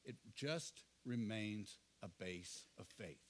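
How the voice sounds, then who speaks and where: A middle-aged male pastor preaching a sermon, earnest, often asking the congregation questions and dropping to quiet asides. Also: lowish voice, expressive, takes it slowly, a little hiss or hum.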